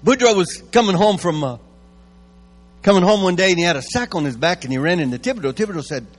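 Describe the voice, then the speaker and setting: Cajun guest preacher, high animated voice, folksy joke-teller. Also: male voice, fast. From Houma, Louisiana. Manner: folksy storyteller, chuckles at his own jokes. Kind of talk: sermon with folksy joke-telling.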